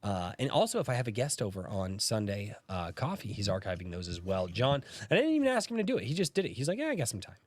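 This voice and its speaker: A man with a lively, swooping voice hosts a casual livestream while he is sick, his throat sore and a cough breaking in. He greets people by name with upbeat energy. The sound is dry and close. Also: fairly low pitch, fast talker, hardly any pauses, no room sound. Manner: animated, greets chat by name, laughs through coughs. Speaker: podcast host.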